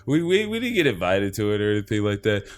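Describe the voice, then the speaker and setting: A man's voice: fairly low pitch, sing-song, fast talker. A man co-hosting a casual podcast, rambling and laughing often. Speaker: podcast co-host. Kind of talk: casual chat. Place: home podcast setup. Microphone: studio mic. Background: game trailer playing.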